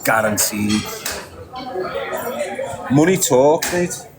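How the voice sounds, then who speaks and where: Over a background crowd and poor audio, a middle-aged Englishman with a Liverpool accent delivers an emphatic ranting monologue on a podcast. His mid-range voice is expressive and extremely slow, with repetition and short bursts of laughter.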